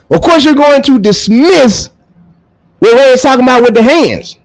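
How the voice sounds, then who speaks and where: A man ranting bluntly to camera as a track coach, profane and swinging between loud bursts and low mutters. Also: expressive, normal speed, rough recording.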